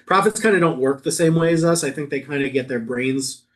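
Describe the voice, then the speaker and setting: A man leading a Bible study as rabbi, reading verses aloud and riffing on them with quick jokes. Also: a little high. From New York. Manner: playful, quick asides, reads verses then riffs. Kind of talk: casual text study, reading aloud and joking.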